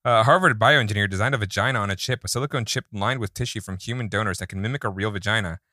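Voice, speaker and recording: Lowish, bright-voiced man pitching jokes. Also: racing, dry recording, clean studio sound. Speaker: comedy writer pitching jokes. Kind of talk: casual writers' room chat.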